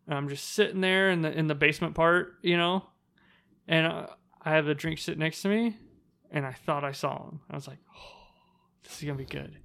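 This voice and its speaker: Man, high bright voice, animated casual storyteller acting out quotes. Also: fairly quick, gravelly, clean tone. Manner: animated, acts out quotes in raised voice.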